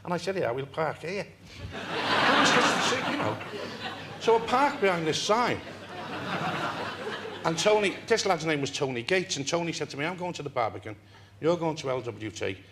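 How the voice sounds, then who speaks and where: An older man from England, a talk-show guest telling a long story in an animated way and laughing through it. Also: a little high, moderate pace, heavy background noise. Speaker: interview guest. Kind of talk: anecdotal storytelling.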